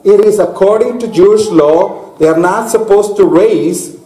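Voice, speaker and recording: A man preaching a sermon to a congregation, slow and deliberate, stopping to ask his listeners questions. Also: high voice, dark tone. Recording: echoey hall.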